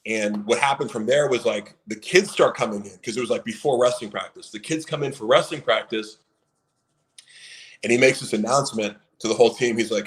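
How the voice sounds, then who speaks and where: A man in his late thirties spins a long story in relaxed livestream chat. His talk rambles along, stacked with fillers. His voice sits at an ordinary middle pitch. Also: a little fast, poor audio. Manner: rambling, heavy on fillers, acts out quoted people. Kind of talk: casual storytelling on a live stream.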